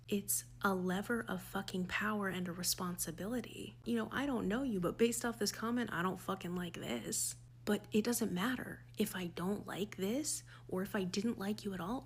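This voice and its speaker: A woman's voice: medium pitch, breathy edge. A woman delivering an angry, profane, sarcastic political rant straight to her viewers. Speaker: political commentator. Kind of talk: ranting commentary to camera.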